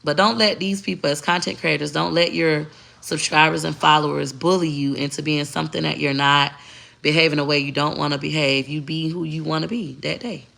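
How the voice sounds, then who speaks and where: A woman's voice: low voice, fairly even intonation, a little fast, creaky, fairly bright tone. A middle-aged woman, a content creator talking straight to camera, blunt, profane and emphatic. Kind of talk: candid talking-to-camera rant.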